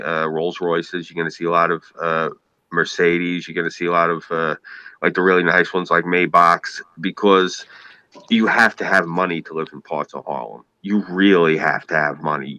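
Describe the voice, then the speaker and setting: This low, pushed, bright voice belongs to a New York-accented man chatting casually on a podcast, rambling, emphatic, profane and heavy on "like." The audio is poor, with no echo.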